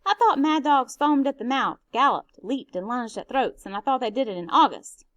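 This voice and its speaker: A woman, a teacher, reading a novel aloud in a steady, expressive way. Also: high-pitched, normal speed, no room sound, muffled recording.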